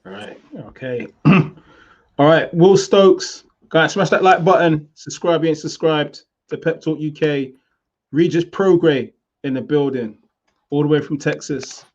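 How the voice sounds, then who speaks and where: A man hosting a casual chat show, upbeat and reading out fan questions and shout-outs. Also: fairly high pitch, unhurried, highs cut off. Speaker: host.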